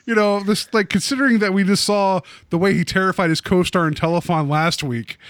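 A man co-hosting a casual podcast chat, rambling through an episode recap with plenty of fillers and restarts. His voice sits a little high and is recorded dry and close, with no room sound. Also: brisk, a bit bright, no room sound. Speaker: podcast co-host.

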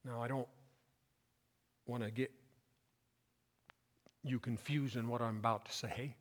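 A man's voice: medium pitch, fairly even intonation, measured pace. Preaching man in a reverberant church. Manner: reads scripture aloud then explains it, rising in emphasis. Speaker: pastor. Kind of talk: midweek sermon with scripture reading. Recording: church hall with long reverb.

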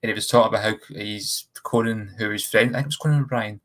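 A man's voice: fairly low pitch, fast talker, a bit bright. A man co-hosting a casual film discussion, chatty and frank with his opinions. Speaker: film podcast co-host.

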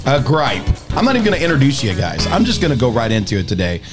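A man's voice: medium pitch, huge pitch swings, quick pace, over loud music. Man hosting a podcast, mock-outraged griping. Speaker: podcast host. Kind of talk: casual podcast banter.

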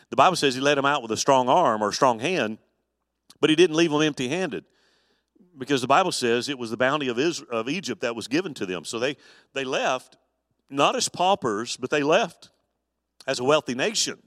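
A man, a pastor, teaching an evening adult Bible study in a folksy, animated storytelling way with touches of humor. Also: mid-range voice, moderate pace, no echo, studio quality, in a large hall.

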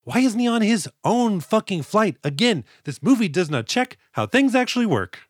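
Swearing freely, this podcast co-host talks sarcastically and casually about a film's script as part of a movie-review chat. His voice sits high and is very animated at a moderate pace, recorded dry with clean studio sound.

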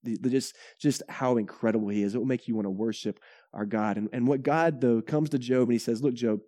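A man preaches his sermon in a casual, lively way, asking "right?" as he goes. His voice is mellow and warm. The sound is dry and close. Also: medium pitch, brisk, no room sound. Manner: conversational, animated, frequent "right?" tags. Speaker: pastor.

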